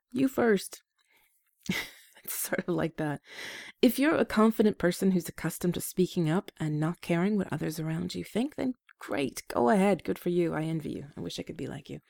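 Female host, advice talk, low and gravelly, mellow tone, gentle self-deprecating delivery. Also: no echo, clean studio sound.

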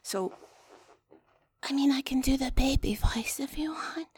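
Whispering through a role-play, this Irish woman sounds soft and breathy, and she keeps pausing to chat in an awkward, self-mocking way. She has a high voice and speaks a little slowly, in a dry recording.

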